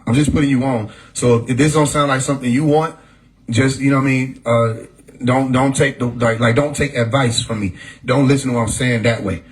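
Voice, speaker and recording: A man's voice: medium pitch, steady tone, a little fast, rough recording. A man talking casually on a livestream, laid-back and profane, often laughing as he talks. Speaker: livestream host. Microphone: phone mic.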